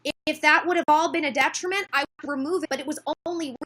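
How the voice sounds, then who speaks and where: Livestream host, woman; high bright voice, frustrated, defensive, calls out chat by name. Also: fast, a little hiss or hum. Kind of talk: casual livestream talk to chat.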